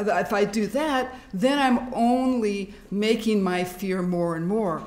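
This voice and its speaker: A middle-aged woman giving a workshop talk to a live audience, animated and laughing often as she acts out fearful thoughts. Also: mid-range voice, measured pace, hardly any pauses. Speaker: workshop speaker. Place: hospital meeting room. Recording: echoey room.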